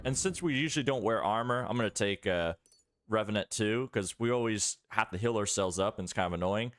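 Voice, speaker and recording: A man's voice: medium pitch, no echo. A man live-streaming a game, talking in a rambling, chatty way with many fillers. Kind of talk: casual live-stream commentary.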